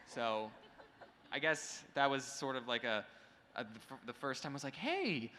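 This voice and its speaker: A man telling a fan story on a convention panel, animated and acting out the voices he quotes. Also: medium pitch, moderate pace. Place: large convention hall. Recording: reverberant hall, faint noise.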